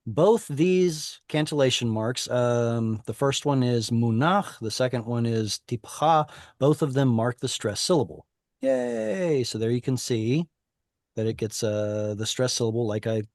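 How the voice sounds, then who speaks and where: A man's voice: medium pitch, a little mellow, no echo, clean studio sound. A man teaching an online Hebrew class, explaining informally with many fillers and restarts over a video call.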